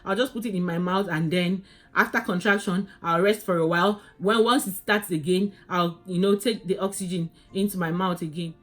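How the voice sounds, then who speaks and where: A woman vlogging her labor story in a casual, animated way, often calling viewers "guys" and restarting her sentences. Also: fairly low pitch, moderate pace.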